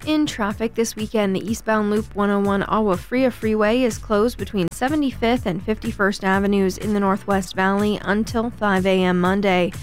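A woman's voice: mid-range voice, fairly even intonation, moderate pace, hardly any pauses, soft background music. Woman reading station announcements. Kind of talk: scripted radio announcements.

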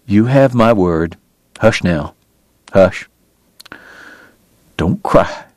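A man voicing a dying gentleman who speaks softly and tenderly, with weary resignation. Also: mid-range voice, very animated, slow, creaky, dry recording, clean studio sound, full character voice. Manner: soft, hushed, gently resigned.

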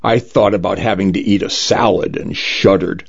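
A man reading a first-person comic story aloud, with a wry, lively delivery. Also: low voice, moderate pace, creaky, husky, highs cut off. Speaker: narrator.

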